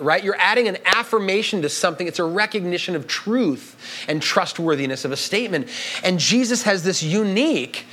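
A man's voice: high voice, animated, fairly quick, bright, forceful tone. A man preaching a sermon to a congregation in an emphatic, conversational way, often checking in with the listeners. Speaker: pastor.

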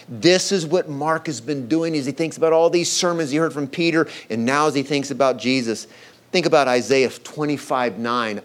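A man preaching a sermon, reading scripture aloud and acting out the quoted voices with dramatic emphasis. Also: fairly high pitch. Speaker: pastor.

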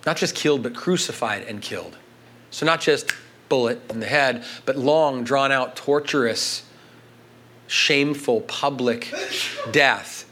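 A middle-aged man preaching a sermon, building to emphatic peaks and then dropping low and quiet. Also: unhurried, slight background noise. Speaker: pastor.

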